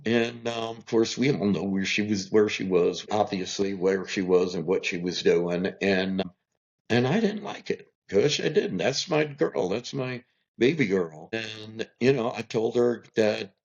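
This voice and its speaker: Middle-aged man, husky low voice, animated storyteller, dull lo-fi sound. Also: measured pace. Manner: animated storyteller acting out quotes. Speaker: guest. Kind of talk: storytelling in a podcast interview. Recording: dull lo-fi recording.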